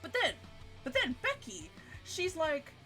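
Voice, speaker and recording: Woman streamer with a bright, forceful voice and a swearing storytelling rant, with quiet music underneath. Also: unhurried. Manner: profane, animated, jumps in pitch. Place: home streaming setup. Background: faint music.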